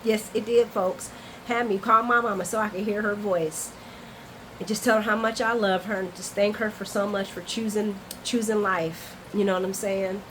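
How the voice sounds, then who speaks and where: A woman with a medium-pitched voice speaks at a moderate pace over a faint hiss or hum. She hosts a casual soap opera recap, chatting straight to camera in an animated, playful way, tossing in asides and calling her viewers "y'all."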